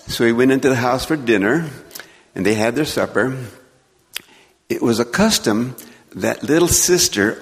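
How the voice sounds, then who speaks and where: A man's voice: mid-range voice, vocal fry. Folksy man telling a children's sermon. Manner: folksy, gently joking storyteller. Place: church sanctuary. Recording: long church reverb.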